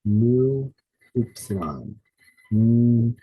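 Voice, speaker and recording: A man teaching a lesson, saying each word slowly and repeating it with care. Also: mid-range voice, expressive, slightly rough, muffled recording, soft background music. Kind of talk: slow spoken lesson naming Greek letters.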